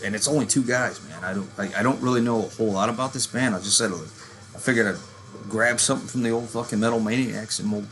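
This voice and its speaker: Pitched fairly low and fairly bright, the voice belongs to a man in his thirties who hosts a metal channel. He rants loosely and profanely about bands, wanders off topic, and labels himself a working-class hillbilly.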